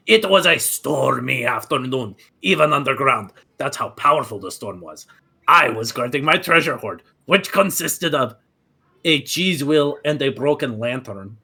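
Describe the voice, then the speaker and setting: A man's voice: medium pitch, creaky, pushed and bright, slightly rough, exaggerated voice. A man doing a pompous, vain minotaur. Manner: grandiose storyteller, theatrical. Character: pompous vain male minotaur, severed head. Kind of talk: comic tabletop role-play.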